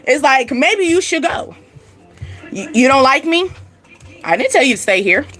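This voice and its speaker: Woman host, high voice, sassy spiritual reader, faint music underneath. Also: moderate pace. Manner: animated, sassy, laughs often, talks straight to the listener. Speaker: spiritual reading channel host. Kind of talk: casual spiritual reading to viewers.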